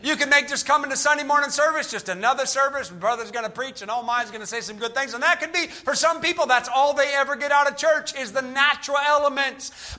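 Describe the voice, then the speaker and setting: A man's voice: extremely high pitch, fast talker, few pauses, bright, forceful tone. A man preaching a sermon to his congregation as pastor, fervent and emphatic.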